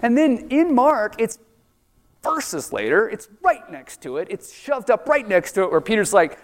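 A man preaching a sermon in a chatty, animated way, acting out the voices in the story. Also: sits high, a little slow. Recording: long reverb of a large hall.

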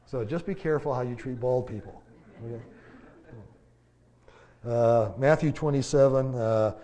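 Mellow-voiced man preaching casually. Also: mid-range voice. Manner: conversational, halting, many fillers and restarts; folksy, joking aside. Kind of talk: casual sermon.

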